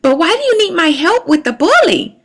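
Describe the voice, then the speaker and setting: A bouncy young kitten boy squeals his lines in a very high, lively voice, as a woman puts him on. He sounds eager and excitable, a cartoonish storybook cat swinging all over his range. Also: fairly quick, full character voice.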